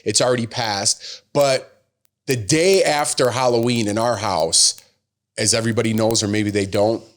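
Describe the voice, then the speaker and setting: A man's voice: lowish voice, steady tone, normal speed. A man co-hosting a casual podcast, laid-back and joking as he tells a family story. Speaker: podcast co-host. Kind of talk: casual chat.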